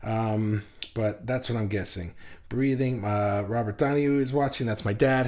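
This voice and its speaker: A man hosting a live online group session, with a voice of ordinary middle pitch. He talks in a loose, rambling way, full of fillers and restarts, as he reads viewer comments aloud. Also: unhurried, a little mellow. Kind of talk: casual livestream talk, reading comments aloud.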